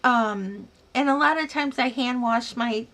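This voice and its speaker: A high-voiced woman chats through a yarn livestream at home. She takes her time, reads viewer comments one by one, and answers each with a friendly "dear" or "sweetheart.". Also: a little slow, a bit bright. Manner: chatty, calls viewers dear, sweetheart and honey. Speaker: yarn crafting livestream host. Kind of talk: casual live chat reading viewer comments.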